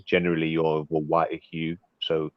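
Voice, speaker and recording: Deep-voiced man, loose jokey call chatter, dull dry line. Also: completely flat delivery, fairly quick, dry recording. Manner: rambling, joking, frequent restarts. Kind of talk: casual group call chat. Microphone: video call.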